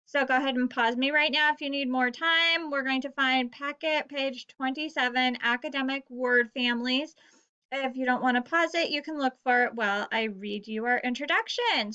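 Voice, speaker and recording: A woman teaches a recorded reading lesson from home, pacing her words slowly and spelling things out for young pupils. Her voice sits high and sounds bright. The recording is dull and lo-fi. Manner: slow, clear, encouraging teacher talk to young pupils.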